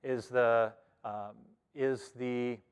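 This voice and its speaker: A man's voice: medium pitch, fairly even intonation, drawn-out words, clean tone, big-room sound. A man from the Cherokee Nation in Oklahoma, teaching a casual scripture lesson in a church, talking it through with lots of ums and restarts. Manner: conversational, thinks aloud with many fillers and restarts. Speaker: Bible study teacher.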